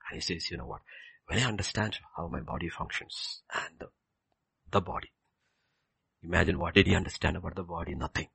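A man preaching a sermon with passion, leaping from loud exclamations down to hushed near-whispers. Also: deep voice, fairly even intonation, a little fast, gravelly, long pauses, breathy edge, no echo.

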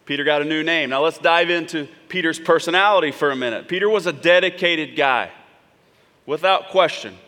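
Guy pastor giving a sermon, chatty, keeps asking "right?", bright voice. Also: a little high, brisk. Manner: conversational preaching with frequent "right?" asides. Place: church sanctuary. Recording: long hall reverb.

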